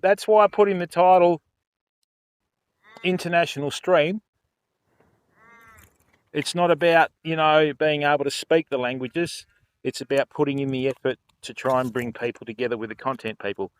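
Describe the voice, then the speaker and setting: A man's voice: a little high, clear, resonant tone. An older man hosting a fishing livestream, chatting casually and joking with viewers. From Australia. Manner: chatty, jokey, laughs often, addresses chat by name.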